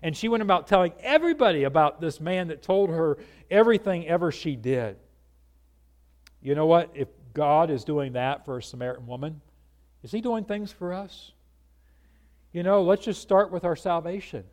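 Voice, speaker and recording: A man preaching a conversational sermon, earnest and animated, often asking his listeners rhetorical questions. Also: a little high, normal speed.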